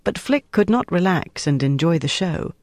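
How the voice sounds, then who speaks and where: In scripted narration, a steady, dry audiobook narrator reads in a mid-range voice at normal speed, and the recording itself is dry.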